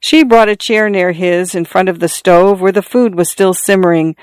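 A narrator reading a literary short story in a measured, even storytelling manner. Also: medium pitch, clear, resonant tone, no room sound. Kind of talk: scripted audiobook narration.

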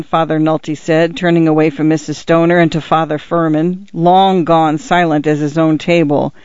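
Man narrating a story, slightly high voice. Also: little pitch movement, moderate pace, few pauses, a little mellow, clear, resonant tone, dry recording. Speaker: audiobook reader. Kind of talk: scripted narration of a short story. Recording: dull lo-fi recording.

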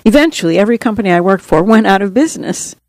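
A woman's voice: mid-range voice, animated, racing, a little mellow, no echo. A middle-aged woman narrating her own memoir as an audiobook in an earnest, straightforward storytelling manner.

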